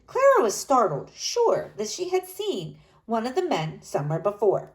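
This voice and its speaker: A woman narrating a storybook aloud in an expressive, dramatic way. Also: on the high side, normal speed.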